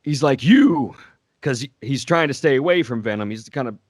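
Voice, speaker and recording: A man's voice: medium pitch, lively intonation, normal speed, no echo, studio quality, lightly acted. A man putting on an old man voice as a podcast guest, laughing as he tells a story. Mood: storytelling. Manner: laughs through his own story. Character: slow-talking old man voice. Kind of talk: casual podcast chat.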